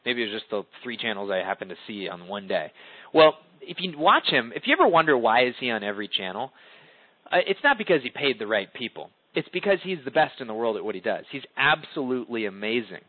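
A man's voice: fast, no room sound. Guy coaching on a conference call, voice bouncing all over, thin phone sound, totally dry. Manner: animated, swoops pitch up and down for emphasis. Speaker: call leader teaching public speaking. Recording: tinny phone line, dry.

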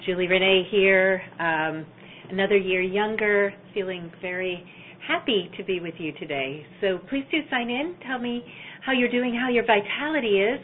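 A woman's voice: mid-range voice, normal speed. A woman from Minnesota teaching a live online energy healing class in an enthusiastic, chatty way with many fillers. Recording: tinny phone-like line, faint noise.

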